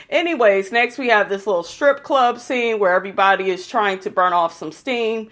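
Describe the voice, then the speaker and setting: A woman's voice: medium pitch, normal speed, hardly any pauses, fairly bright tone. A woman giving a casual, profane, gossipy recap of a reality show episode, blunt and opinionated about the people in it.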